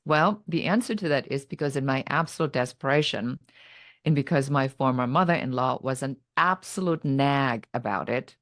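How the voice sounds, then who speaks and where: A woman's voice: deep voice, no room sound, clean studio sound. A middle-aged woman, a podcast guest who tells her story dramatically and acts out her own past thoughts. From Germany. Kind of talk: personal story told in conversation.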